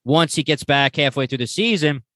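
Bright-voiced laid-back podcast host. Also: male voice, a little high, expressive, moderate pace, dry recording. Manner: laid-back, laughs easily, acts out quotes. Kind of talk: casual chat reviewing a TV series.

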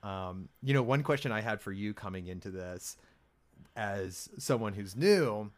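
A man's voice: lowish voice, lively intonation, unhurried. Playful self-mocking man on a podcast. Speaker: podcast guest and co-host of another show. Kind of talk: casual podcast chat.

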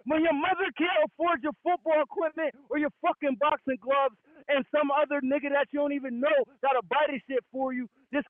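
A very high-voiced man on a boxing podcast he co-hosts refuses to let anyone interrupt, swearing heavily and talking over rebuttals in a heated argument. The recording is dry and sounds like it came through a phone.

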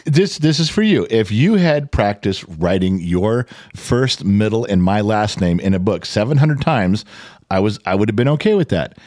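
A man in his forties co-hosting a podcast, telling family stories in a blunt, profane, animated way. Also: lowish voice, normal speed, no echo, clean studio sound. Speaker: podcast co-host. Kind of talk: casual chat.

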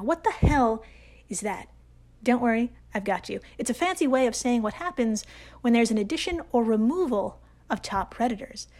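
An American woman hosting a science podcast, reading her script playfully with sarcastic jokes and sudden hushed asides. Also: a little high. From United States. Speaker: podcast host.

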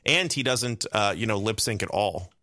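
A man's voice: on the low side, moderate pace, pushed and bright, dry recording, clean studio sound. A man co-hosting a casual comedic podcast chat, rambling and mock-earnest. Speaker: podcast co-host.

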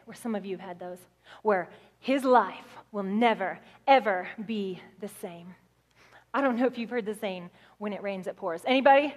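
A woman guest speaker preaching a sermon, telling the story with animated, acted-out voices. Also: high voice, long reverb tail.

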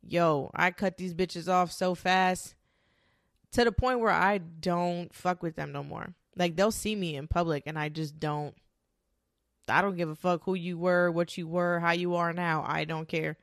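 A woman's voice: lowish voice, fairly even intonation, unhurried, no echo, clean studio sound. A woman hosting a podcast, talking in a blunt, emphatic, swear-heavy monologue. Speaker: podcast host. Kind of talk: casual monologue.

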